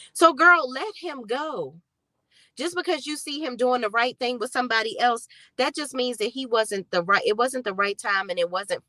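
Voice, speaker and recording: A woman's voice: fairly high pitch, sharp tone, no echo. A woman giving casual show recap commentary, blunt, sassy and profane. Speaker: TV recap vlogger.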